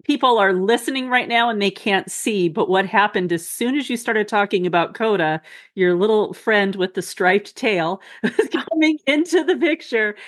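A woman hosting a podcast interview, asking gentle, affirming questions. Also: mid-range voice, moderate pace. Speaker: podcast host. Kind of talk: empathetic interviewing.

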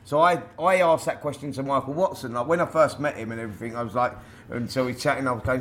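Bloke, middle-aged ex-boxer, rambling chatty storyteller, faint noise behind. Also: male voice, medium pitch, fairly even intonation, fast, a bit bright. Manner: rambling, repeats words, plain spoken. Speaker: podcast guest, former boxer. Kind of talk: casual storytelling.

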